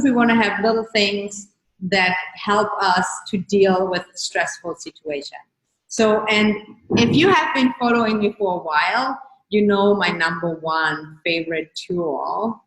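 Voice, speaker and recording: A woman host giving a casual coaching talk to her viewers, gently repeating key phrases and guiding them through slow breathing. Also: fairly low pitch. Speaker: wellness coach and show host. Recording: roomy echo.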